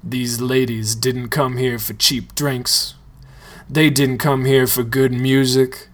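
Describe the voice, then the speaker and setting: A reader voicing Tarzan, a quiet man giving a solemn, measured speech. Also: medium pitch, level tone, natural voice.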